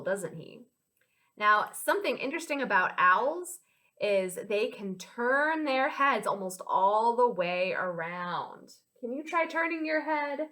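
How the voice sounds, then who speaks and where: A young American woman, a children's librarian, leading a storytime for small children in an animated, sing-song and encouraging way. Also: mid-range voice.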